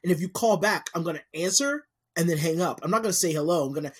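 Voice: mid-range voice, fast, husky. A podcast co-host chatting casually, cursing and jumping in with asides. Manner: casual, swears, jumps in with asides.

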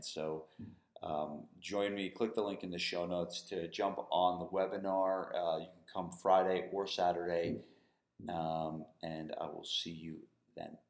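A man hosting a podcast for gym owners, interviewing a guest and then promoting an event in a friendly way. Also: low voice. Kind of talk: casual interview. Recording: roomy echo.

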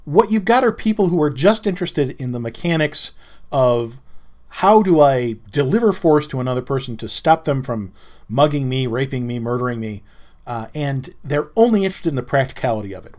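Middle-aged male podcast host, casual monologue, lively up-and-down delivery, wry and rambling. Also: medium pitch, brisk. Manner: rambling, wry, self-interrupting storyteller.

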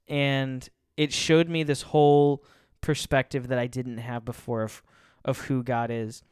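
A man's voice: medium pitch, steady tone, unhurried, clear, resonant tone, no echo, clean studio sound. A man giving a casual faith talk. He chuckles often and rambles, restarting his sentences.

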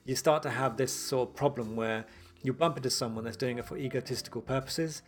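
A young adult man, a doctor, chatting casually and telling stories with lively acted-out quotes. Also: medium pitch, brisk. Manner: lively storyteller who acts out quoted exchanges. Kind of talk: casual podcast chat.

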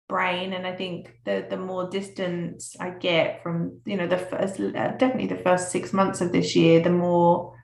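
A woman's voice: fairly low pitch, gravelly, roomy sound. A woman guest on a podcast, talking in a heartfelt, reflective way and reading a personal letter aloud. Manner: heartfelt, slow and reflective, sometimes emotional.

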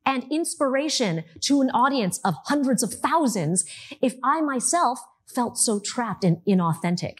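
A woman in her thirties from the United States giving a talk to an audience, telling her story in a lively, animated way. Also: on the high side, slightly rough.

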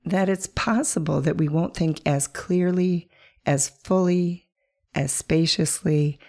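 Woman podcast host, low voice, gravelly, hoarse, calm coaching questions to the listener. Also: slow. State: hoarse from a bronchial virus. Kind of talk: reflective solo podcast talk.

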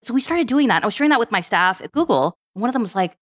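A woman guest on a podcast, telling stories in a casual, animated way and acting out bits of dialogue. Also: fairly high pitch. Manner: animated, quick, acts out dialogue. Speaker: podcast guest, tech program director. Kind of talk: casual storytelling.

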